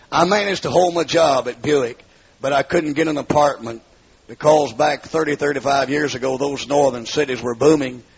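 A man preaching his life testimony in a storytelling manner, acting out the dialogue and rising into pleading cries, from the southern United States. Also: medium pitch. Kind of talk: testimony sermon. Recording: muffled, husky lo-fi recording.

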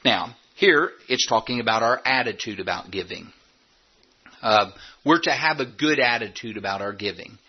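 A pastor preaching a sermon in a church, folksy and humorous, with emphatic rising peaks. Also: male voice, mid-range voice, lively intonation, normal speed, slightly rough, muffled recording. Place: church sanctuary.

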